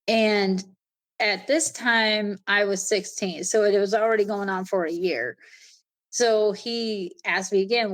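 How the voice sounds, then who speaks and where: A woman in her thirties, a podcast guest, candidly recounting personal experiences in an earnest, conversational way with frequent restarts and asides. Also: medium pitch.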